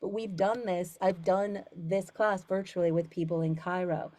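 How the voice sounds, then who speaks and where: An earnest woman voiceover coach answers student questions in a loose, rambling way, full of ums and restarts. Her voice sits fairly low, and it is recorded close and dry with no room sound. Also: steady tone, moderate pace, dark tone, no echo. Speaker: voiceover coach and studio founder. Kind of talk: casual Q&A talk to students.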